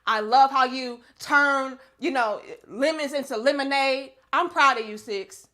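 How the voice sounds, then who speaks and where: High bright-voiced woman, blunt and fired-up. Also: measured pace. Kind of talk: heated casual chat.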